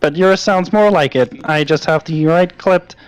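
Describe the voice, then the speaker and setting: A man's voice: a little high, normal speed, smooth, poor audio. A man, an esports caster, chatting playfully and teasing his co-caster between matches. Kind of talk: casual chat between matches.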